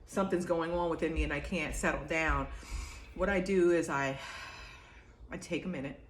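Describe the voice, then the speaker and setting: A woman's voice: deep voice, normal speed, roomy sound, a little hiss or hum. A woman giving a casual, rambling talk to camera as an energy healer, full of fillers and restarts.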